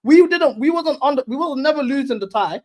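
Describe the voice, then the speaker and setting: A man's voice: very high-pitched, animated, a little fast. A young man debating football on a casual video call, insistent and argumentative, often repeating himself. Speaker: football panel guest, Chelsea fan.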